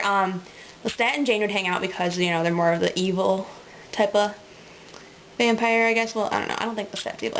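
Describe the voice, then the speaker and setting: A woman's voice: medium pitch, slight background noise, low-quality recording. A woman in a casual, rambling webcam monologue, full of ums and likes, often breaking into giggles. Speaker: vlogger.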